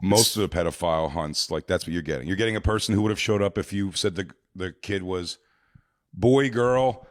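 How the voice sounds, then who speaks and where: Low-voiced man telling stories on a podcast. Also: quick pace, few pauses, no echo, studio quality. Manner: animated storyteller, jumps into high squealing voices for the people he quotes. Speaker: podcast co-host. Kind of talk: casual comedy podcast banter.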